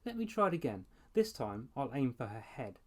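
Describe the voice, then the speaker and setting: A man's voice: medium pitch, very animated, moderate pace. A man voicing a boy who teases his little sister. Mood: mocking. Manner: mocking. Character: teasing mean-spirited boy.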